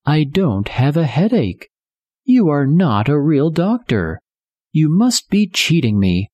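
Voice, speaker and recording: A reader playing a sick little hen-bird from a storybook, guarded and suspicious behind her door. The voice is lifted above a plain reading, and the words come slowly. The sound is close and dry. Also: mid-range voice, big pitch swings, darkish tone, dry recording, pitched above the performer's own voice. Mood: wary. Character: wary sick female bird.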